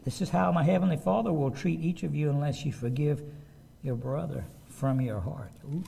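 A pastor gives a sermon in a high voice with a gravelly edge. He reads scripture, then presses his listeners with emphatic rhetorical questions. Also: expressive, moderate pace, a little mellow.

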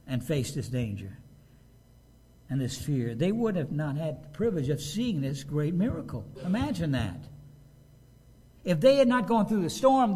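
A man preaching a sermon as a pastor, in a conversational, animated way, often acting out quotes. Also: on the high side, slightly rough.

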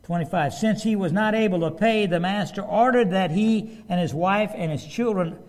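A man's voice: sits high, normal speed. A man preaching a sermon, reading scripture aloud and stopping to ask his listeners emphatic rhetorical questions. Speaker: pastor.

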